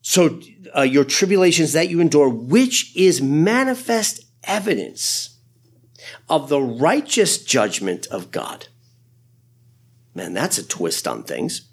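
A man who is a pastor, preaching a sermon in an animated, conversational way with frequent asides. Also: fairly high pitch, husky.

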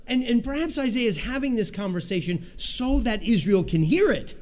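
A man's voice: high-pitched, expressive, normal speed, a little mellow. A man preaching an expository sermon, reading scripture and acting out the voices of the Lord and Isaiah.

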